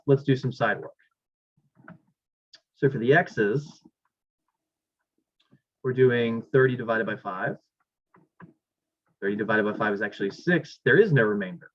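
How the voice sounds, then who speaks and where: A man's voice: mid-range voice, normal speed, long pauses. A male math instructor giving a classroom lecture, thinking aloud and correcting himself as he works problems on the board. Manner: talks while writing, thinks aloud, self-corrects. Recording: dull lo-fi classroom recording.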